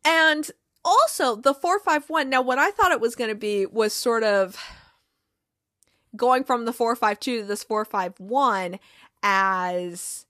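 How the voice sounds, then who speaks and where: A woman's voice: on the high side, lively intonation, slow pace, fairly bright tone, no room sound, studio quality. A woman hosting a casual TV recap, retelling scenes with quoted lines and frequent laughs. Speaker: TV recap podcast host.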